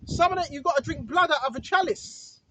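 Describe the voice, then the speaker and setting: A high-pitched online preacher with a sharp tone speaks fairly quickly, preaching informally and emphatically, repeating himself and checking in with the listener again and again. Slight background noise sits under the dull, lo-fi recording.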